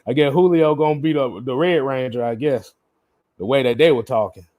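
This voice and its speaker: A man hosting a casual livestream, reading out viewer comments in a relaxed way, often laughing and repeating himself. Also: medium pitch, brisk. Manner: laid-back, laughs often, repeats words. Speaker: livestream host.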